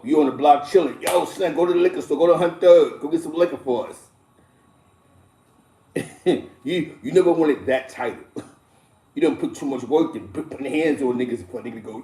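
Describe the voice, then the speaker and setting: Animated middle-aged man, roomy echo. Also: a little high. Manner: animated storytelling, chuckling through stories, blunt and profane. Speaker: live-stream host. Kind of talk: casual street-talk commentary.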